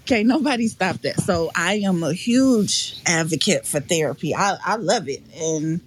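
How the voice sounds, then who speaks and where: A woman's voice: fairly low pitch, expressive, normal speed, breathy edge. A woman guest on a podcast, telling a painful personal story in a frank, emotional, slangy way with many restarts.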